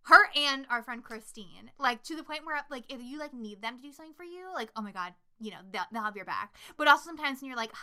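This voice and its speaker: Bright, foul-mouthed woman podcaster. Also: on the high side, quick pace, hardly any pauses, smooth. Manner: swears a lot, animated retelling with quoted lines. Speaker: podcast co-host. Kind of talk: casual chat about movies.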